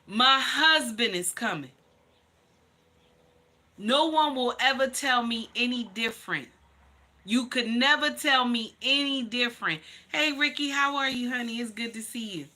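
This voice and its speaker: A woman's voice: fairly high pitch, normal speed, sharp tone. A woman hosting a livestream and telling her own story to viewers, blunt, emphatic and profane, calling her listeners honey. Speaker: livestream host.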